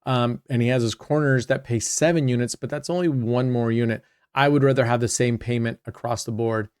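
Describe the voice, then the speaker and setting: A man's voice: mid-range voice, steady tone, brisk, smooth, no room sound, studio quality. Chatty man narrating his roulette play. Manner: chatty, addresses viewers directly, trails off mid-sentence. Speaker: host. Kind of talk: casual commentary while playing roulette.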